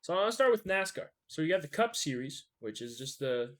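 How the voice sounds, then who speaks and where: A young man co-hosting a casual sports podcast, laid-back and quick with jokey asides. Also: fairly high pitch, very animated. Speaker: podcast co-host.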